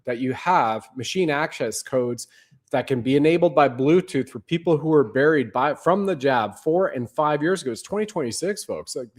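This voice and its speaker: A man hosting a show, delivering a rambling, conspiratorial livestream monologue. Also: mid-range voice. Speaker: show host.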